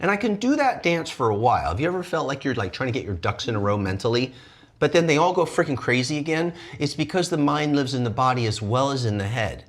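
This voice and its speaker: Man, energy arts teacher, husky voice, lively swooping pitch, wellness talk. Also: quick pace. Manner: lively, swings into high playful voices for quoted people.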